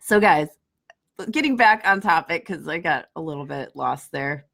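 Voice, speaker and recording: A woman in her thirties co-hosting a casual chat, chatty and quick to laugh. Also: low voice, animated, gravelly, a bit bright. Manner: chatty, reads dating messages aloud with laughs. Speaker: podcast co-host.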